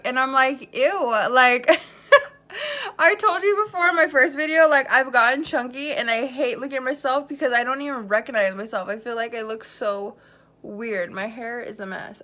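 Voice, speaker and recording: A woman's voice: a little high, bright, forceful tone. A young woman chatting casually as she does her makeup, sassy and sarcastic, swearing freely. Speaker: beauty vlogger. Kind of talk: casual get-ready-with-me chat.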